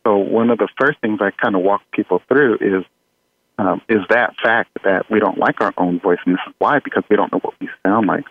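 A man, an audio engineer guest in an interview, talking in a relaxed way with frequent fillers and small laughs. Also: fairly low pitch, fairly quick, breathy edge. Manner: relaxed, chuckling, many fillers. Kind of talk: conversational interview. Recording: tinny phone-like line.

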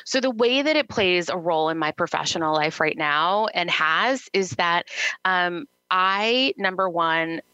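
Confident middle-aged woman guest, bright tone, lowish voice, emphatic chat. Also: expressive, unhurried, no echo, muffled recording. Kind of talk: casual interview chat.

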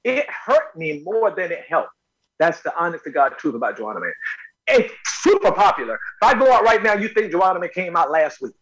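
A middle-aged actor telling stories in an interview, emphatic and excitable, with loud bursts when he acts out moments. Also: high voice, a little fast, rough recording. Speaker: actor guest. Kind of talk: animated storytelling interview.

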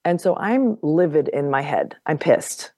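A woman guest on a podcast telling a personal story in casual conversation. She is animated, laughs often and repeats words as she goes. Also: deep voice, a little slow, dry recording, studio quality.

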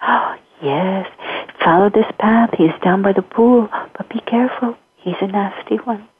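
A woman voicing a helpful deer in a folktale, who speaks in a hushed half-whisper. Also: medium pitch, slow pace, husky. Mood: cautioning. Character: helpful male deer in the bush. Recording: tinny phone-like recording.

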